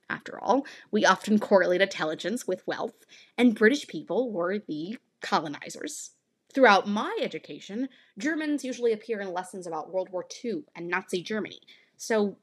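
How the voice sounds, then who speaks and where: A woman's voice: mid-range voice, husky. A woman in her late teens hosting a podcast, delivering a scripted monologue with playful, teasing asides. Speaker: podcast host.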